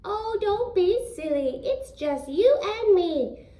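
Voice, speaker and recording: A woman voicing the giant's wife, a fussy, kindly woman speaking in a high, chiding, sing-song way. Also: lively intonation, takes it slowly, warm tone, exaggerated voice. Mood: fussing. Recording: roomy, distant from the mic.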